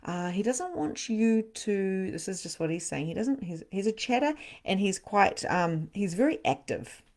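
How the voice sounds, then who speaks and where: A middle-aged woman hosting a live-stream card reading as a spiritual medium, often dropping into a soft whisper. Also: mid-range voice, expressive, normal speed.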